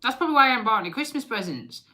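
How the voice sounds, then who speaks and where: A woman's voice: on the high side, animated, racing, pushed and bright. A woman hosting a casual live stream, chatting and joking with viewers, swearing freely and teasing them. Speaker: livestream host.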